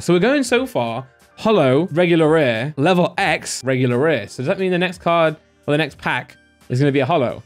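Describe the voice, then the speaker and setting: Man, slightly higher voice, casual card-opening commentary, excitable and chatty, faint music behind. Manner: chatty and excitable, with many fillers like "like" and "you know". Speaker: card-opening channel host.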